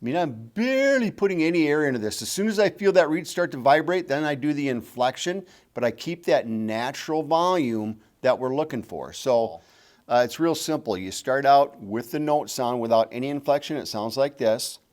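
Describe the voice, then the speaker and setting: A man's voice: mid-range voice, expressive, moderate pace, a little mellow. A middle-aged man teaching calling technique, patient and repeating key points. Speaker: game call instructor. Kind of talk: instructional demonstration.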